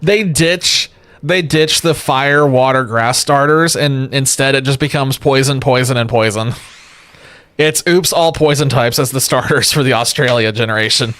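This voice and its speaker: Worn out from lack of sleep, a livestreamer at his home webcam setup rambles and jokes in casual chat with viewers. His mid-range voice is fairly bright, and he talks at normal speed.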